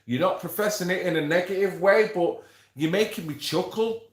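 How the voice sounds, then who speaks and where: A man runs a casual livestream, joking with viewers, swearing, and reading names out of the chat. His voice is high-set at a normal speed, with a roomy sound.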